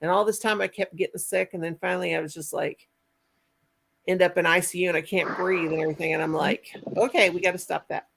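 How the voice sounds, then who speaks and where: A woman's voice: fairly low pitch, steady tone, fast talker, gravelly, noisy background. A woman hosting a casual livestream chat, folksy and talkative, laughing often and reading out viewer comments. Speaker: livestream host.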